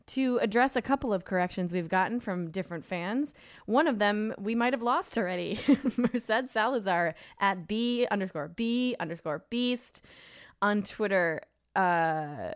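A young adult woman co-hosting a casual podcast, sarcastic and animated, laughing often as she talks. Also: mid-range voice, clean tone, no room sound, clean studio sound. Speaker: podcast co-host.

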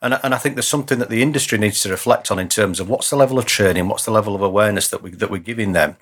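A man's voice: fairly low pitch, racing, fairly bright tone. A man, a senior police officer, talking earnestly as an interview guest, often restarting and repeating words as he thinks. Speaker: police chief superintendent, guest. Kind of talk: conversational interview.

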